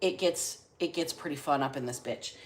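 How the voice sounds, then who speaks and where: A woman's voice: low voice, moderate pace, low-quality recording. A woman hosting a casual tarot-reading livestream, chatting bluntly and swearing freely. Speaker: tarot reader and livestream host.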